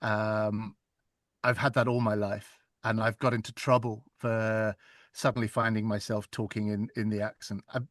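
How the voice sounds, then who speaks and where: A man's voice: on the low side, flat delivery, moderate pace, a bit bright, no room sound, clean studio sound. A man who narrates audiobooks, talking casually in a self-deprecating way and laughing often. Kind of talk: casual conversation.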